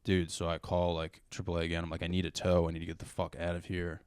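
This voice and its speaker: A young man, a comedian guest, telling a story in a relaxed, profane, casual podcast chat, saying "dude" all the time. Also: sits low, fast, smooth, no room sound, clean studio sound. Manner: laid-back, profane, says "dude" constantly.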